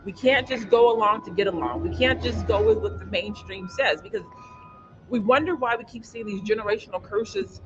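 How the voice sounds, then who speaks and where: Male panel host, high voice, slight lisp from aligners, earnest, dull lo-fi livestream audio. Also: moderate pace, music in the background. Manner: earnest, stumbling over words.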